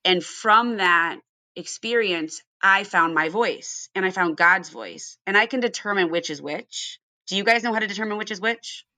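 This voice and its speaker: A woman's voice: mid-range voice, moderate pace, bright, forceful tone, no room sound. A woman from Ohio hosting a casual recovery podcast, earnest and storytelling, often asking her guests questions. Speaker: podcast host.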